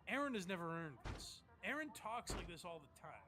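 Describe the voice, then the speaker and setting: Animated high-voiced male streamer. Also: brisk, noisy background. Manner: animated, rambling, profane. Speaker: streamer host. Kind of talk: casual commentary on clips.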